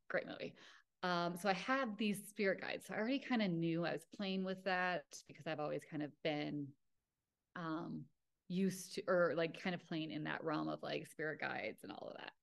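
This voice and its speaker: A woman's voice: low-pitched, gravelly. A young adult woman hosting her own podcast, telling a personal story in a casual, chatty way with lots of fillers. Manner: chatty, filler-heavy, lively with acted-out quotes. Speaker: podcast host.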